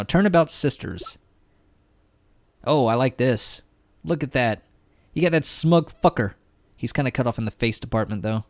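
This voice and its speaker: A man's voice: mid-range voice, a little mellow, no room sound. Joking, foul-mouthed man streamer. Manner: joking, profane, rambling. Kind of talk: casual game commentary.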